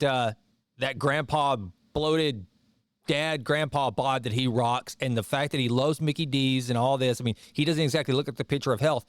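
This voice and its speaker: A man's voice: medium pitch, dry recording, clean studio sound. A middle-aged man hosting a podcast, talking casually and digressing as he comments on an article. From Texas. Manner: conversational, digressive, chatty asides. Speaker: podcast host.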